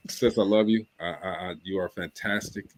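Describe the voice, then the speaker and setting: A man's voice: fairly low pitch, steady tone, a little fast. A man hosting a live talk show, who stammers a little and speaks playfully. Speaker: host.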